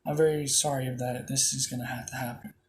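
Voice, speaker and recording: A man's voice: medium pitch, little pitch movement, brisk, darkish tone, slight background noise, close to an everyday voice. A man voicing a polite, earnest young male hero while retelling a fan story in his own plain voice. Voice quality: plain retelling voice, hardly acted.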